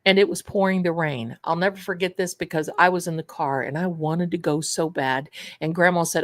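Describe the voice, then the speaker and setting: A woman's voice: sits low, a little fast, no room sound. A woman hosting a manifestation and tarot show, telling stories in a casual livestream chat and calling her viewers darlings. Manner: chatty storyteller, addresses viewers as darlings.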